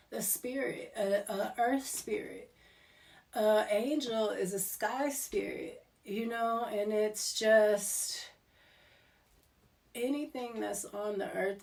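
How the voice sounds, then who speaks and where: A woman's voice: medium pitch, creaky, darkish tone. A woman giving a casual tarot reading, talking in a rambling, digressive way. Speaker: tarot reader. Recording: voice distant from the mic.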